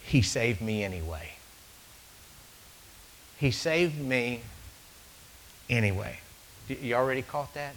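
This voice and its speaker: Bright-voiced preacher, loud then hushed. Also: male voice, mid-range voice, lively intonation, takes it slowly, long pauses, slight background noise, poor audio. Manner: storytelling, swinging from loud to hushed. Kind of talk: sermon.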